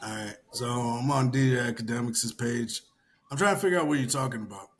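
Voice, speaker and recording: A man casually chatting on a podcast, animated, laughing often and swearing freely. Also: a little fast. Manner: animated, mimics commenters in loud high-pitched yelling. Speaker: podcast co-host.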